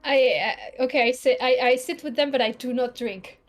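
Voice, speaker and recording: A woman's voice: high voice, normal speed, music in the background. A woman playing a tabletop game, speaking in character in a hesitant, stammering way. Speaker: player.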